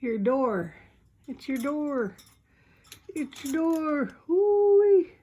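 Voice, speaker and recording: A woman's voice: sits high, animated, very slow, a little mellow, slightly rough, highs cut off. A woman at home talking to her parrot in playful, cooing baby talk, teasing and sing-song. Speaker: pet owner filming her parrot. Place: indoors at home.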